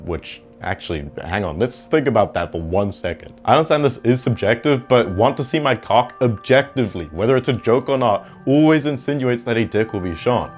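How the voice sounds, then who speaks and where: A man's voice: mid-range voice, lively intonation, brisk, few pauses, soft background music. A man giving mocking, incredulous drama commentary. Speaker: commentary YouTuber.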